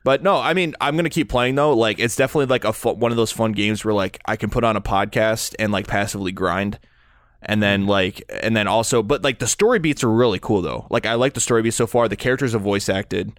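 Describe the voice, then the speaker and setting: A man's voice: on the low side, quick pace, no room sound, studio quality. A man co-hosting a casual podcast, talking with lots of restarts and fillers. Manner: hesitant, many restarts and fillers. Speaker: podcast co-host. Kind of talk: casual chat.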